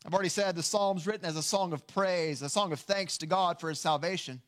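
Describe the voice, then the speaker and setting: A man preaching a sermon, earnest and emphatic, slowing down to stress key lines. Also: high voice. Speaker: pastor.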